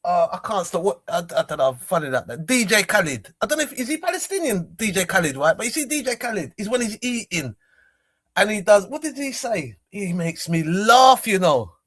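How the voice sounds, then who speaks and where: Streamer: man, high voice, rambling and emotional, repeats himself a lot. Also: very animated, a little fast, a bit bright. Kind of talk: casual rambling monologue.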